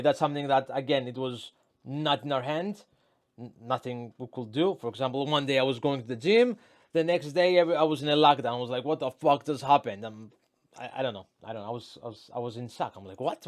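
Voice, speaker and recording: A man's voice: fairly high pitch, a little mellow. Blunt, profane man ranting casually. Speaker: YouTuber. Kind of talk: casual vlog monologue.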